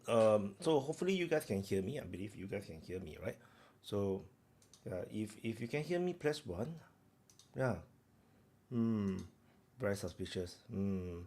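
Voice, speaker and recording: Gravelly man hosting a rambling stream. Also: lowish voice, warm tone. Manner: rambling, lots of fillers and restarts, chatting with viewers. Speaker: live stream host. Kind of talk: casual live stream chat.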